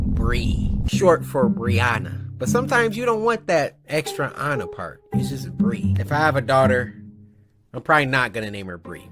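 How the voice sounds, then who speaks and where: A man hosting a comedic video reaction show, joking and breaking into loud outbursts. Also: on the high side.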